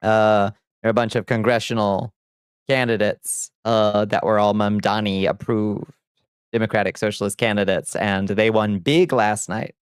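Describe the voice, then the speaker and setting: A man's voice: on the low side, fairly even intonation, normal speed, clear, resonant tone, dry recording. A man chatting on a casual livestream, reading chat aloud and answering in a chatty, sardonic way, on a close desk mic. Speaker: streamer.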